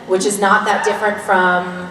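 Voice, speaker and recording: A Canadian woman in her thirties, an actor answering fan questions on a convention panel in a lively, joking, candid way. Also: medium pitch, normal speed, a little hiss or hum. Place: large convention hall. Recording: echoey hall recording from far off.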